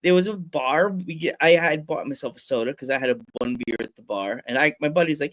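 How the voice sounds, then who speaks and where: A man's voice: a little high, fast, hardly any pauses. A man co-hosting a podcast in casual chat, joking and teasing with frequent laughs. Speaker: podcast co-host.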